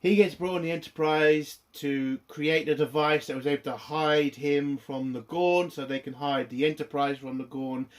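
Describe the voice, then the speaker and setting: A man's voice: a little high, steady tone, moderate pace, few pauses. A young British man with a British accent giving a casual, sweary spoken TV review full of fillers. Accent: British English. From Britain. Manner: sweary, ranting, lots of fillers. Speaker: TV review host.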